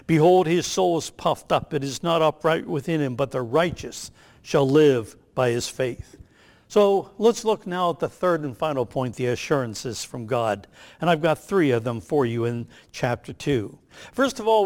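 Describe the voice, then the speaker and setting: Older man, pastor, sermon, emphatic and measured, slightly higher voice. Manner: emphatic, measured preaching with slowed key phrases.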